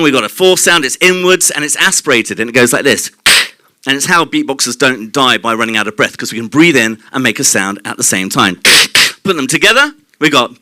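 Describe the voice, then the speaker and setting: Bright, lively male presenter. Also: medium pitch, no room sound. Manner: lively and explanatory, demonstrates mouth sounds and quizzes the audience. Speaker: presenter at a live short-talk night. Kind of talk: live stage presentation. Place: club venue at a live evening event.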